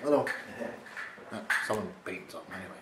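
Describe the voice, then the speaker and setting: A young man casually telling a funny story to his camera at home, rambling and animated. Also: fast, roomy sound, very noisy. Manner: rambling, animated, mimics others in high voice. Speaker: vlogger. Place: home, indoors.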